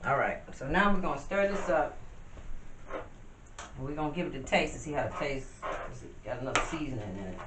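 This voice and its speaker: With an extremely low-pitched voice, a little fast, this woman vlogger chats away while cooking at home, calling her audience "y'all." She's far from the mic, and the home video sounds roomy, distant and noisy.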